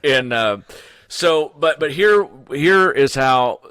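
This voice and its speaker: A middle-aged man, a podcast guest telling his story in a casual, animated way, full of "you know" and "man". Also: on the high side, slow pace, smooth, dry recording.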